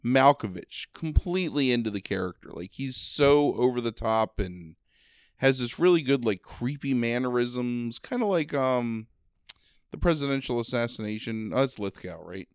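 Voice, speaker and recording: A man's voice: mid-range voice, lively intonation, normal speed, clean tone, no echo, clean studio sound. Nasal man reviewing a movie, sarcastic. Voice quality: a little nasal. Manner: rambling, sarcastic, many ums and likes. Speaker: podcast co-host reviewing a movie. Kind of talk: casual chat.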